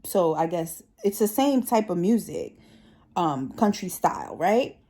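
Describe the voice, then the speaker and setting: Chatty woman vlogger with a mellow voice. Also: lowish voice, measured pace. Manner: chatty, animated quoting of coworkers. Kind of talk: casual storytelling vlog.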